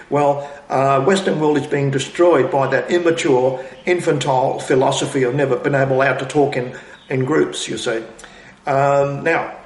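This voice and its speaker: A man giving a rambling, scornful monologue of political commentary, padded with ums and "you see". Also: on the high side. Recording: echoey room.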